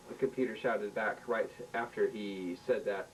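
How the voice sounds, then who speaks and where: A man reading a homemade science fiction story aloud, haltingly and with restarts, recorded at home from a distance with a faint rumble. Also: steady tone. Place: home room.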